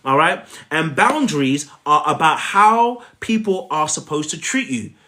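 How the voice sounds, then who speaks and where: Man, relationship coach, live stream talk, lively swooping pitch, fairly high voice, emphatic and repetitive. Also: unhurried. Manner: emphatic, repetitive, preachy, asks the audience to repeat after him.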